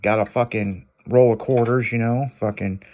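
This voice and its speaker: A man's voice: medium pitch, steady tone, moderate pace, lo-fi sound. A man hosting a radio show, telling a long crude story in loose casual talk.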